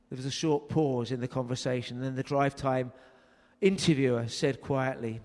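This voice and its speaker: A man's voice: mid-range voice, normal speed, a little mellow. A man preaching a sermon, telling a story earnestly and raising his voice for emphasis. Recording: long hall reverb.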